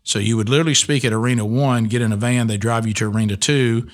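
A man's voice: mid-range voice, fairly even intonation, fast. A middle-aged man, a radio host telling an emotional personal testimony in an earnest way, full of restarts. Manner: earnest storytelling with many restarts.

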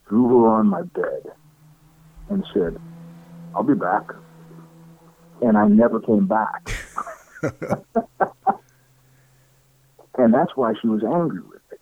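Middle-aged male guest, animated storyteller with a swinging pitch who acts out other people's lines, dry close sound. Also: gravelly, breathy edge, dry recording. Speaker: interview guest. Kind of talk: casual storytelling. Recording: tinny phone-like line, dry.

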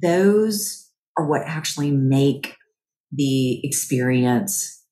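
Slow, low-voiced woman in an echoey room. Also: expressive. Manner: gentle, chatty, often asks "right?". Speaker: podcast host. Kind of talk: guided mindfulness talk.

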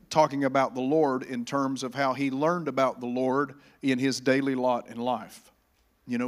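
A man preaching a sermon in a church, getting louder on scripture and calling the congregation to repeat after him. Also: mid-range voice. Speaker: pastor.

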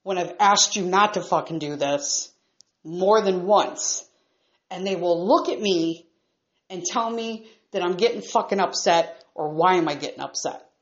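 A woman's voice: lowish voice, a little slow. Exasperated woman ranting, lo-fi sound. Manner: profane, exasperated, emphatic. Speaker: vlogger. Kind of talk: angry ranting monologue. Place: upstairs room at home.

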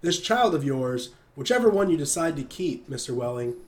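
A man's voice: a little high, big pitch swings, moderate pace. A man reading as a preachy old doctor. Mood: smooth. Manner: lecturing, emphatic. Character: pompous elderly male doctor, preachy.

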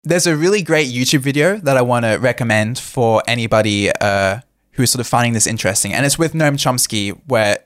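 A young man speaks earnestly about politics, often pausing on "uh" as he builds his points. His voice sits in a middle range. The sound is dry and close to the mic. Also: mid-range voice, no room sound. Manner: earnest, with frequent "uh" fillers. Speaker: co-host. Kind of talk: casual political commentary.

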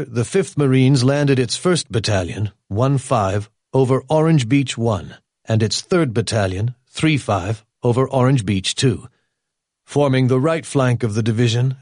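Even-toned male history narrator. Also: mid-range voice, dry recording, clean studio sound.

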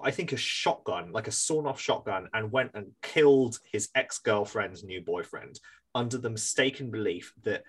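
Husky animated man telling a story. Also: lowish voice. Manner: animated storytelling, laughing, swearing. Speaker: podcast host. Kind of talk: casual chat.

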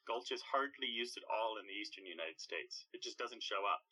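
Bright, husky man explaining word histories. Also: on the low side, animated, a little fast, poor audio. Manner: thoughtful, explains at length with small restarts. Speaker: language expert guest. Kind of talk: explanatory conversation.

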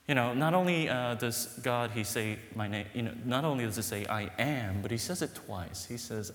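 A man preaching a sermon, animated and emphatic, telling stories with a laugh. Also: mid-range voice, moderate pace, few pauses. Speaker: pastor. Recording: echoey hall with long reverb.

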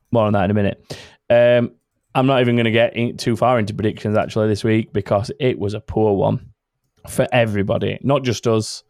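A man's voice: lowish voice, steady tone, a little fast, darkish tone, no room sound, clean studio sound. A man hosting a casual podcast, rambling and correcting himself as he goes, laughing often. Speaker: podcast host. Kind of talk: casual chat.

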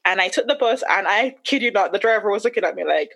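A woman speaking as a guest, recounting a painful chapter of her life in a candid, emotional way. Her voice sits at an ordinary middle pitch, and she breaks into quick asides as she goes. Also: a bit bright. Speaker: podcast guest. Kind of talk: personal storytelling.

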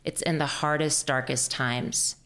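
A podcast host with an unusually deep voice for a woman. She asks her guest thoughtful, reflective questions. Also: steady tone, unhurried, fairly bright tone. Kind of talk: interviewing.

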